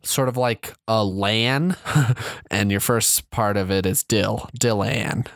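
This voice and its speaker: A young man co-hosting a comedy podcast, joking in an awkward, deadpan way. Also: lowish voice, slow, gravelly, dry recording, studio quality. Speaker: podcast co-host. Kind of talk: casual comedic banter.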